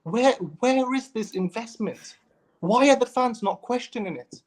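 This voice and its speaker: A man's voice: very high-pitched, measured pace. A man debating football as a fan pundit, impassioned and emphatic, often repeating his words.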